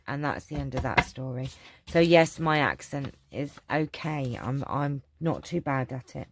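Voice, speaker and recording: A woman's voice: a bass voice, measured pace, background noise. A woman chatting casually on her craft vlog, rambling with lots of ums and restarts as she answers viewer questions. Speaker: craft channel vlogger.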